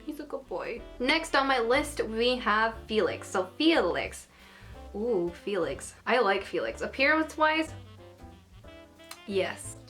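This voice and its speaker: A fairly high-voiced young woman chats in a loose, giggly way, piling on "like" as she gushes. Soft music plays faintly under her voice. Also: big pitch swings, slow pace. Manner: gushing and giggly, lots of "like". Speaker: anime vlogger. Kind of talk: casual chat, ranking characters.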